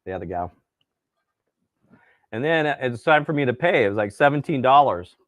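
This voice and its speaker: On a live cooking stream, a man chats casually, enthusiastic yet a bit tired from staying up late. He tells stories with voices in a chatty way, his mid-range voice lively in intonation at a normal speed. There's no echo.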